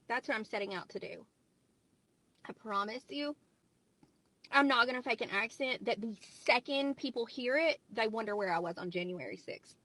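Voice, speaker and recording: A woman's voice: medium pitch, bright, forceful tone, low-quality recording. A woman with a Southern US accent, talking straight to camera in a blunt, wry rant. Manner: blunt, wry, plain-spoken. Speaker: content creator.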